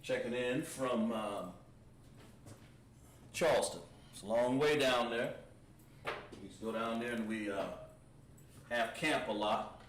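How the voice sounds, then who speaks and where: A man teaching a livestreamed Hebrew language class, slowly drilling words with lots of repetition. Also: medium pitch. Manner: slow, repetitive, drawn-out pronunciation drills. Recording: roomy echo, distant mic, faint background noise.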